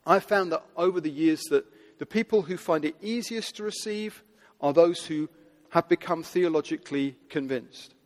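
A man preaching a sermon to a seated audience, earnest and building to loud, emphatic quotations. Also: a little high, normal speed. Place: large hall with audience seating. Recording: long hall reverb.

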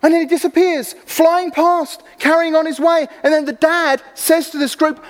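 High-voiced preacher in echoing hall. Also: male voice, moderate pace, few pauses. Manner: animated storytelling, acting out voices. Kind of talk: sermon. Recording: long hall reverb.

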